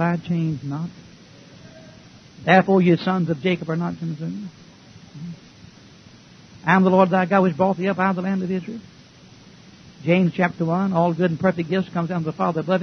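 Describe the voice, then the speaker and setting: A man's voice: fairly high pitch, creaky. A man preaching a sermon in a folksy, emphatic way, throwing rhetorical questions at his congregation. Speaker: pastor. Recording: dull lo-fi recording with faint hiss.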